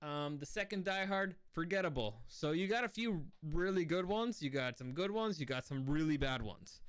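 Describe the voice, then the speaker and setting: A man's voice: a little high, animated, moderate pace, fairly bright tone, clear, resonant tone. A man hosting a casual spoken film review, rambling and easily sidetracked, with many restarts. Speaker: movie reviewer and channel host.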